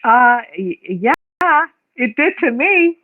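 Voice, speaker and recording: A woman's voice: high voice, very animated, slow, no echo. A woman calling in for casual chat, giggly and agreeable, with hesitant restarts. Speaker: caller. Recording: tinny, dry phone line.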